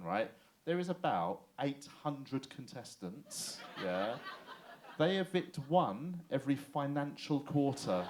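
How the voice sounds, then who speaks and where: An English man performing a lively stand-up comedy set on a club stage, chatty and swearing, often checking in with the crowd. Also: a little high, a little hiss or hum. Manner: chatty, animated, swears and asks the crowd "right?".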